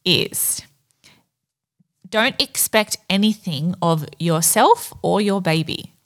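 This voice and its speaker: A woman's voice: fairly low pitch, takes it slowly. Frank woman co-host chatting. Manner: relaxed, chatty, gives advice frankly. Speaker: podcast co-host. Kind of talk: casual chat.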